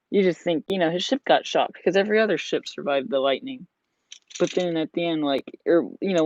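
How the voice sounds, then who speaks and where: Rambling hobby vlogger, mid pitch, filler-heavy casual chat, dull lo-fi recording. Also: a little mellow, a little hiss or hum. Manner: rambling, lots of "like" and "you know". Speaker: vlogger building a model. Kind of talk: casual chat while building. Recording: dull lo-fi sound.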